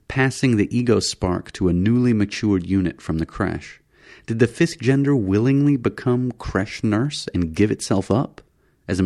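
Deep gravelly male narrator. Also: a little mellow. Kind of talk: audiobook narration.

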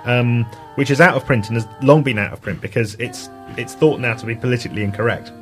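A man presenting a casual radio chat show, retelling a children's story with many pauses and restarts. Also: medium pitch, steady tone, soft background music. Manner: hesitant, many ums and restarts.

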